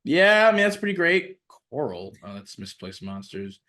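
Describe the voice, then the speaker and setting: A male co-host in casual gaming chat, halting and repeating himself as he looks up rules. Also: mid-range voice, sing-song, sharp tone. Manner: halting, restarts and repeats while looking up rules.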